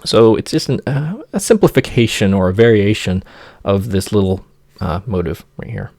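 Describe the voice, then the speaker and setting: A man giving an informal music theory lecture, singing motifs in nonsense syllables and pausing often with fillers. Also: on the low side, animated, a little mellow, dry recording, clean studio sound.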